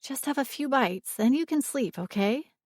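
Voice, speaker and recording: A woman doing a gentle young caregiver, sing-song. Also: high voice, animated, normal speed, no room sound, studio quality, pitched above the performer's own voice. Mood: coaxing. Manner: soft, sing-song coaxing. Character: kind young woman caring for a child.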